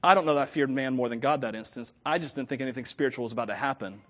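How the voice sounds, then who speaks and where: A man preaching a storytelling sermon, animated, with frequent chuckles and stammered restarts. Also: mid-range voice, racing. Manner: chuckles often while talking.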